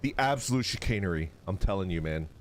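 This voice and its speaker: A man's voice: sits low, fast talker, a little hiss or hum. A man streaming live, chatting casually with viewers and reading their messages aloud, swearing freely. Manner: lively, swearing, reads chat aloud.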